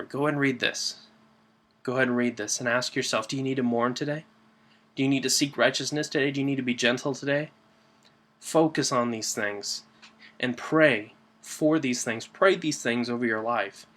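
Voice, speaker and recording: A man giving a church devotional in an earnest, conversational way, with fillers and restarts, slowing down to stress key words. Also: medium pitch, sharp tone. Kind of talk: informal devotional talk.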